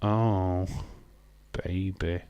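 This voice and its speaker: A man's voice: deep voice, steady tone, drawn-out words, clean tone, dry recording, lo-fi sound. A man hosting a live wrestling watch-along, chatting casually in a sarcastic, joking way and swearing freely.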